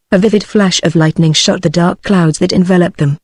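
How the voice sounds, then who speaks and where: A synthetic British English woman's voice reading a novel aloud in an even, machine-read delivery. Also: lowish voice, brisk, few pauses, slightly rough, no room sound, studio quality. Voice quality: flat, even text-to-speech delivery. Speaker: audiobook narrator. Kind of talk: synthesized audiobook narration.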